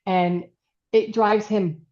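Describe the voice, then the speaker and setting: A woman's voice: mid-range voice, steady tone, slow pace, a little mellow. A woman co-hosting a casual podcast as a business coach, chatty, with many fillers and asides. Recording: dull lo-fi sound.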